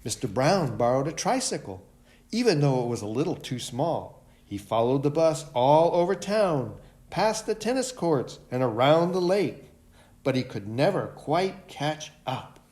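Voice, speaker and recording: Lively man reading a children's story. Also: a little high, measured pace. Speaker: library director reading a picture book. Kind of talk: children's storytime read-aloud.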